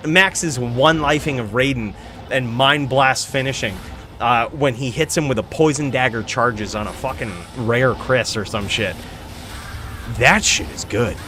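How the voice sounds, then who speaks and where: A male streamer hosting a live show, talking in an excitable, rambling, profane way about the game he plays. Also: medium pitch, slight background noise. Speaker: streamer host. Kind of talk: casual live-stream chat.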